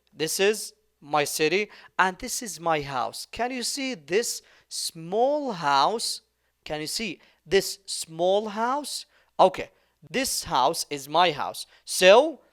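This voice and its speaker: Man, teacher, high voice, unhurried, repeats phrases, keeps asking "okay?". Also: a bit bright. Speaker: English teacher. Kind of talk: slow classroom explanation.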